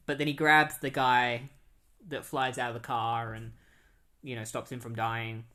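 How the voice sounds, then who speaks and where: A man casually retelling a comic book story as a podcast host, rambling with many fillers and quick quoted asides. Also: mid-range voice, fairly bright tone.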